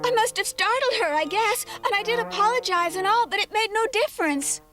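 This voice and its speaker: A woman's voice: very high-pitched, lively intonation, brisk. A woman voicing a sweet, timid little girl in a cartoon, speaking in a frightened, pleading rush. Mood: shaken. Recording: cartoon dub over clear music.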